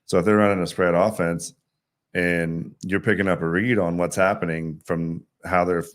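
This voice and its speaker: A man's voice: low voice, fairly even intonation, normal speed. A man, a coach hosting the show, asks players questions in a casual, conversational way and keeps checking in with "right?". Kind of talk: casual interview chat.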